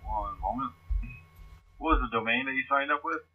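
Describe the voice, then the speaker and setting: A man's voice: mid-range voice, moderate pace. Polite male support agent on a tinny phone line. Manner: polite, calls the caller sir.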